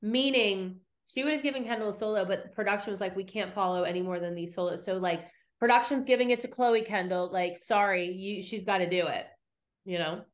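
A woman's voice: medium pitch, fairly quick. A woman co-hosting a podcast, telling a story with animation, acting out what others said and swearing now and then. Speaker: podcast co-host. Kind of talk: casual recap chat.

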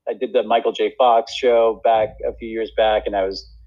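A man's voice: fairly low pitch, level tone, moderate pace, dull audio. A man who is an actor, talking casually in a rambling, self-deprecating way with many fillers and restarts. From United States. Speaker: actor and guest. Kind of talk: casual conversation.

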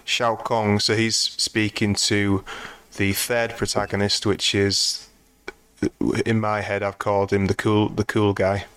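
A man's voice: on the low side, monotone, slow pace, a bit bright, clean tone, dry recording. A man co-hosting a film podcast in casual chat, meandering and restarting sentences with dry humor. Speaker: podcast co-host.

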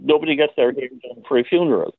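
A man, a playwright, talks thoughtfully about his play, pausing often and laughing now and then. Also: mid-range voice, fairly even intonation, husky, dry recording. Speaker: playwright guest. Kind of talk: phone interview. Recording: tinny phone line.

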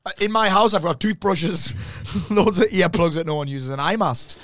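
Speaking at a moderate pace in a voice that sits high, a man in his 40s who works as a mindset coach talks casually on a podcast. He swears without restraint and brings his stories to life by performing quoted voices.

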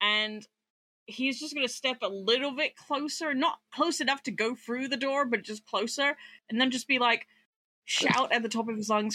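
Bright-voiced woman swearing through a game. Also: fairly high pitch, normal speed. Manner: swears freely, laughs often. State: tired from lack of sleep. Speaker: player. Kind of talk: casual tabletop game play.

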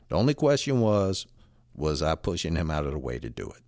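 A man casually telling a personal story, animated and salty, with frequent restarts. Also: low-pitched, brisk, no echo, clean studio sound.

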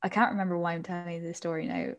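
A woman's voice: lowish voice, steady tone, rapid-fire, creaky. A woman, talking thoughtfully and a little hesitantly in casual chat. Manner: thoughtful, hesitant, asks questions.

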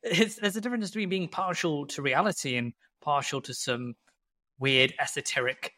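A man's voice: on the high side, normal speed, sharp tone. A man co-hosting a podcast in casual chat, telling stories in a blunt, opinionated way. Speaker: podcast co-host.

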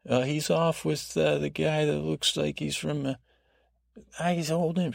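A man with a gravelly, fry-edged voice rambles through a sleep podcast recap. He wanders off-track into self-deprecating asides and keeps restarting his sentences. The sound is dry and close. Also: on the high side, little pitch movement, a little slow, dry recording. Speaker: podcast host.

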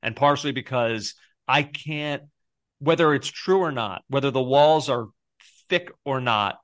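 A man in his thirties co-hosts a sports podcast, speaking earnestly and hedging his opinions. He talks at a middle pitch, sounds close to the mic, and the recording is dry with no room echo. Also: a little slow, fairly bright tone. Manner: earnest, self-deprecating, hesitant. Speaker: podcast co-host. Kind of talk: casual podcast chat.

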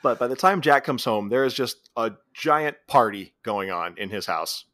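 A man hosting a casual podcast, walking through a comedy film scene by scene. His voice is bright and sharp, it swoops up and down as he gets into the story, and the recording is dry and close. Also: mid-range voice, normal speed, no room sound. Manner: animated storyteller, mimics the characters' lines. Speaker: podcast co-host. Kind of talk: casual movie recap chat.

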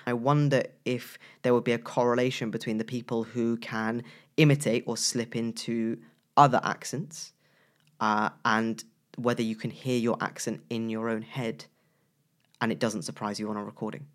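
A man co-hosting a casual chat about voices, lively and playful, with bursts of loud emphasis. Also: medium pitch, normal speed. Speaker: co-host, voice professional.

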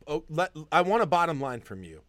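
A man's voice: fairly high pitch, very animated, brisk, a bit bright, no echo. A man co-hosting a casual sports podcast, teasing his partner and making his case like a mock-preacher. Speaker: podcast co-host.

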